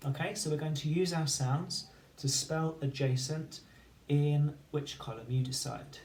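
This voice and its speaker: A man teaching children phonics, slowly sounding out letters and syllables one at a time in a clear, patient way. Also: mid-range voice, darkish tone, slight background noise. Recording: echoey room with faint ambience.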